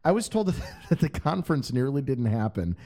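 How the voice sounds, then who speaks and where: A man's voice: medium pitch, sing-song, a little fast, dark tone. A man hosting a podcast in casual chat, teasing his co-host, laughing often and acting out quotes.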